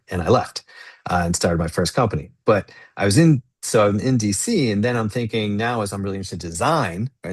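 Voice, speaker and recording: A man's voice: fairly low pitch, slightly rough, no room sound. A man as an interview guest, telling a personal story with energy and acting out the voices in it. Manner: animated, acts out quoted dialogue. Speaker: guest entrepreneur. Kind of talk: conversational storytelling.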